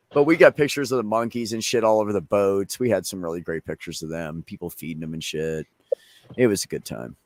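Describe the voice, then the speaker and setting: A man's voice: fairly low pitch, no echo. A man from Pennsylvania telling a rambling, profane story in casual chat, acting out the people in it. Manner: loose, profane storytelling with animated quoted voices. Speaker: show co-host.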